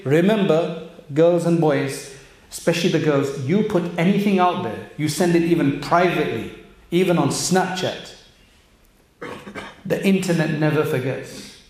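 In an echoey room, an Islamic speaker addresses youth and parents in a slightly high, slightly mellow voice. His religious talk to young people is earnest and direct, packed with rhetorical questions.

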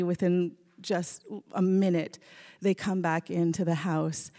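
Woman storyteller in a reverberant hall. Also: medium pitch. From rural Alaska. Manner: warm, conversational, with small restarts. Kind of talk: personal storytelling on stage.

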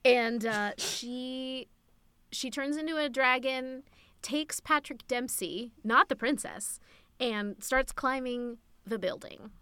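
A woman's voice: sits high, slow pace, pushed and bright, smooth, no room sound. A woman co-hosting a podcast, chatting casually through a movie recap, laughing easily and swearing now and then. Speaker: podcast co-host.

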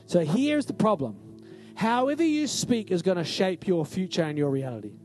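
A man's voice: high voice, sing-song, moderate pace, darkish tone, faint music behind. A male pastor giving a conversational, emphatic sermon in a church and often asking the congregation "right?".

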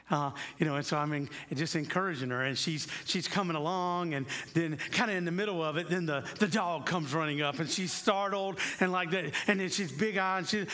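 A man delivers a sermon in a relaxed, conversational way, with a voice pitched a little on the higher side. He draws the listener in with stories and slows to a hushed, deliberate pace on the words he wants to land. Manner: conversational storytelling, drops to hushed tones for emphasis; slows down on key phrases. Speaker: pastor.

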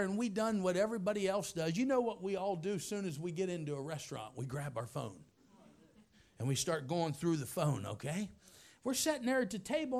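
An older man preaches with a gravelly, slightly high voice. He tells stories in a sermon, sinking to a hushed, low murmur and then climbing into loud, high-pitched outbursts. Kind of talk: sermon with storytelling.

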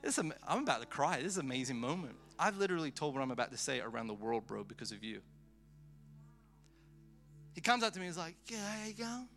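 Male preacher, live sermon; bright, punchy tone, animated storyteller with faint music underneath. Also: mid-range voice, fast, vocal fry, long pauses. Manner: animated, excitable, with chatty asides. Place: live event before a congregation.

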